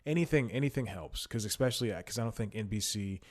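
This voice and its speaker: Male solo podcast host, slightly low voice, loose rambling delivery with chuckles, a bit winded. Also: lively intonation, quick pace. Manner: rambling, self-mocking, chuckles often. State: slightly out of breath. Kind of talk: casual solo podcast chat. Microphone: headphones and studio mic.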